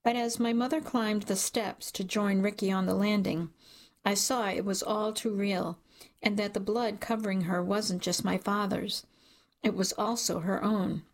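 Gravelly woman narrating a dark story. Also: medium pitch, steady tone. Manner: measured, dramatic storytelling. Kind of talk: scripted audiobook narration.

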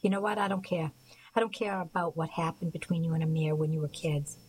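A woman's voice: deep voice, a little fast, a little mellow, breathy edge, rough recording. A woman voicing a hurt, pleading young man in an audiobook, speaking earnestly to his fiancée.

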